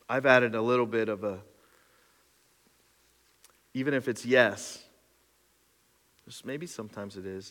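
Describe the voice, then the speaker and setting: A man preaching a sermon as pastor, animated and storytelling, moving between loud exclaiming and quiet reflection. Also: mid-range voice, measured pace, pauses often. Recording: reverberant hall.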